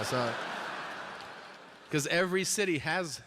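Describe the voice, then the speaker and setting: A man performing stand-up on stage, his voice sitting a bit high for a man. He tells crude stories with a wry edge and slips into acted quotes. The live audience noise comes through clearly behind him. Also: normal speed. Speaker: stand-up comedian. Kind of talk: stand-up comedy routine.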